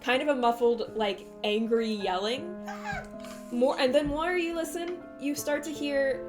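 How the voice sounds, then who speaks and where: High-voiced woman game master, giggly. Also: a little slow, over music. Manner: giggly, loose, with many fillers. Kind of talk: narrating a tabletop game.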